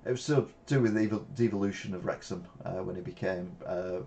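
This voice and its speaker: A man's voice: deep voice, fairly quick, creaky, warm tone, highs cut off, a little hiss or hum. A man hosting a live weekly news show, reading headlines aloud and adding casual, chatty asides. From Britain. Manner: reads headlines then riffs with asides.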